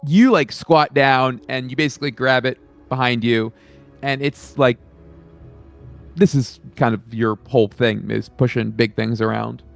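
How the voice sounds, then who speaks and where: A man's voice: medium pitch, fairly even intonation, unhurried, vocal fry, soft background music. A man narrating a tabletop game as game master in a loose, casual way.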